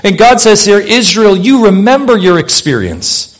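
A man preaching a sermon, earnest, asking rhetorical questions and swinging between loud emphasis and quiet asides. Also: high-pitched, big pitch swings, moderate pace. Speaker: pastor.

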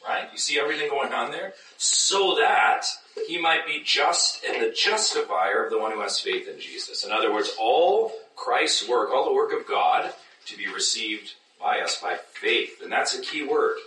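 Man, pastor preaching a sermon, bright lively delivery, roomy echo, mic set back from him. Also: moderate pace, slight background noise. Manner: animated, acts out skeptics in high mocking voices. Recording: echoey room, mic at a distance.

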